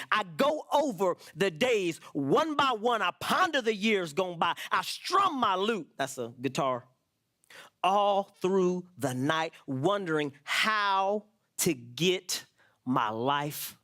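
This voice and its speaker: A man's voice: high voice, a bit bright. A man preaching a sermon in church as pastor, explaining scripture and acting out people's worried prayers.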